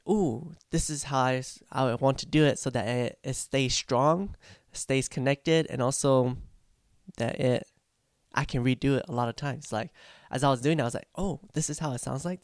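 A young man vlogs casually about practicing a song he's recording, rambling and reflecting with plenty of fillers and restarts. His voice is medium-pitched, and the recording is dry with clean studio sound.

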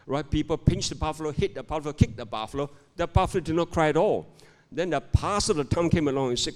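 A man's voice: fairly high pitch, fast. An older man preaching a sermon in a church, reading scripture and telling a joke while calling for amens. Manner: calls for amens, animated storytelling. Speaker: guest preacher. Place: church sanctuary. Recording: long hall reverb.

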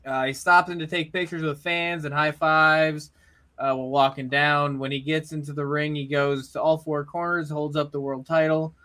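A man's voice: on the high side, little pitch movement, normal speed, pushed and bright. A man narrating a wrestling show role-play with energy, laughing often and using many fillers. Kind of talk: animated wrestling narration with voiced promos.

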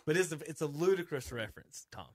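Male host, slightly higher voice, relaxed radio sports banter. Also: fast, no echo, clean studio sound. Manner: easygoing, runs the picks, laughs often. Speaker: sports talk show host. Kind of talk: casual radio sports chat.

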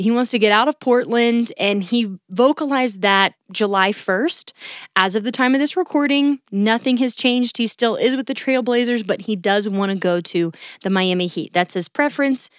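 A woman's voice: on the high side, clean tone, no echo, studio quality. Chatty woman hosting a sports podcast. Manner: chatty, enthusiastic, upbeat. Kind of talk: casual solo sports recap.

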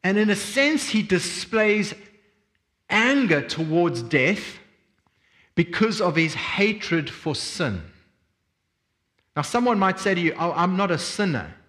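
A man preaching a sermon as a pastor, reading scripture and expounding it with expressive emphasis. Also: high voice, takes it slowly, pauses often. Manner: expressive preaching, swings between quiet reflection and emphatic energy.

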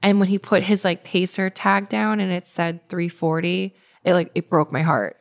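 A woman's voice: on the low side, normal speed, hardly any pauses. Chatty woman in her thirties. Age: 30s. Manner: animated retelling with many fillers, voicing others. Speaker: guest. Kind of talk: casual storytelling interview.

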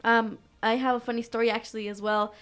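Earnest, chatty woman co-host; slightly high pitch; casual faith talk. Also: little pitch movement, fast, a bit bright, smooth. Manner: earnest, chatty, many fillers.

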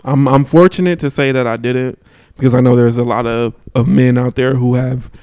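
A man in his thirties, a podcast co-host, telling a story in casual chat and acting out the quotes with big jumps in pitch. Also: fairly even intonation, moderate pace, darkish tone, clean tone, no echo, studio quality.

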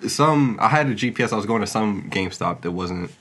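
Fast-talking husky young man. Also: lowish voice, expressive, a bit bright. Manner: loose, profane, acts out quotes in raised voices. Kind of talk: casual storytelling chat.

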